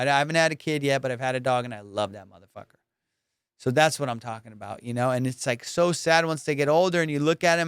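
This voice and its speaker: A male podcast host with a fairly high, smooth, clear voice rambles loosely through a casual comedy chat. He swears freely and laughs often as he talks. He is recorded close on a dry studio mic. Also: fairly bright tone, no echo.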